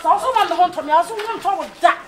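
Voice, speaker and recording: A Ghanaian woman acting a fiery young woman who scolds her lover in a film drama, insistent and sharp. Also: extremely high pitch, racing. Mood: agitated. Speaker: actor.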